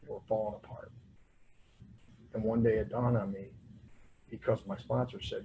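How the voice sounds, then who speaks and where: A man's voice: on the low side, flat delivery, normal speed, long pauses, dark tone, a little hiss or hum, rough recording. A man speaking at a recovery convention, sharing his personal story in a loose, self-mocking way. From United States. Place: convention hall.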